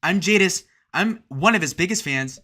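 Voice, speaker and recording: A man hosting a livestream, reading chat messages aloud and joking crudely, with sudden loud shout-outs. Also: high-pitched, animated, normal speed. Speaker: livestream host.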